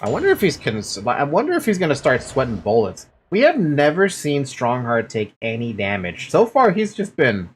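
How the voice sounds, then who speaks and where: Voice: mid-range voice, huge pitch swings, moderate pace, hardly any pauses, breathy edge. A let's play host casually commenting on a game and reading its dialogue aloud, reacting and laughing often.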